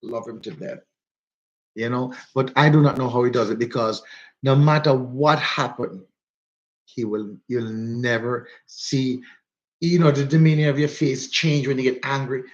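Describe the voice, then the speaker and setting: A man's voice: mid-range voice, fairly even intonation, unhurried. Rambling Jamaican man on lo-fi audio. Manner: rambling, repeats himself for emphasis. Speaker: livestream host. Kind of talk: casual live chat to viewers.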